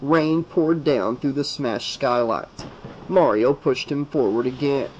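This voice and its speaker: A man's voice: medium pitch, slow, highs cut off, a little hiss or hum. Man narrating a horror audiobook. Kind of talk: unabridged audiobook reading.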